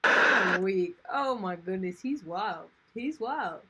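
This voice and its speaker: A woman's voice: mid-range voice, animated, slow pace, sharp tone, slightly rough. A woman hosting a reaction video who laughs hard between her casual remarks. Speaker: YouTube reaction host.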